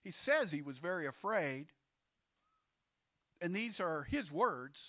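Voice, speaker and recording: A man with a fairly high voice preaches a sermon in a loose, chatty way, quizzing his listeners as he goes. The recording sounds dull and lo-fi, dry with no room echo. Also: big pitch swings, takes it slowly. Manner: conversational, quizzes the congregation with questions. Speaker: pastor.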